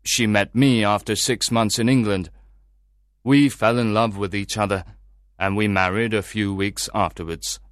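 A man playing a worried, earnest middle-aged merchant in an audiobook drama, telling his story in a measured way. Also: lowish voice, fairly even intonation, a bit bright, no room sound, clean studio sound.

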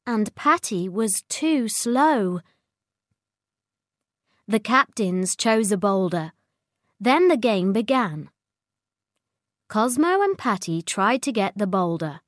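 A woman reading a children's storybook aloud with slow, expressive delivery. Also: medium pitch, no room sound, clean studio sound.

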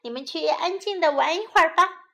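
A woman voicing a gentle, caring mother rabbit in a children's storybook reading, with a motherly, sing-song manner. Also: very high voice, fairly quick, vocal fry, voice pushed up, exaggerated voice. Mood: tender.

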